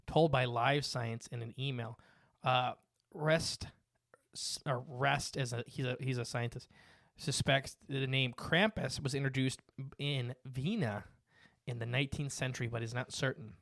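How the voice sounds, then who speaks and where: A man's voice: medium pitch, fairly even intonation, measured pace, gravelly, fairly bright tone, no room sound. A man co-hosting a casual podcast, reading facts from his notes and rambling with fillers and restarts. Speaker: podcast co-host. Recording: dry close mic.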